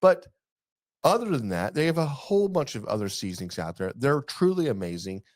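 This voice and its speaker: A man's voice: medium pitch, sing-song, a little fast, no echo, clean studio sound. Joking, laughing male podcast co-host. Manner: joking and rambling, laughs often. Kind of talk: casual chat.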